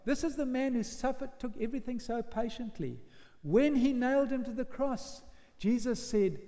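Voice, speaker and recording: A man preaching a sermon as vivid storytelling, dropping to hushed lines and then rising to loud shouted quotes. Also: very high voice, normal speed. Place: church hall. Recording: long reverb of a church hall.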